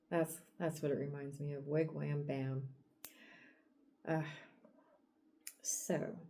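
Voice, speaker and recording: A woman hosting a book podcast retells a comic's plot in an animated, storytelling way, laughing often. Her voice sits low and she takes her time. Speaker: podcast host.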